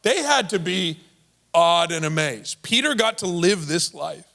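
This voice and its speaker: Male pastor with a bright, high voice, preaching in a chatty storytelling style. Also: expressive, unhurried, gravelly. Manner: conversational storytelling, playful asides. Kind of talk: sermon.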